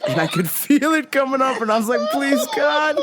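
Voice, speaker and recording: A woman's voice: high-pitched, very animated, moderate pace, heavy background noise. A woman hosting a podcast, telling a story casually with plenty of swearing and acting out both sides of an argument. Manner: profane, exasperated retelling; acts out both sides of a quarrel. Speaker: podcast host.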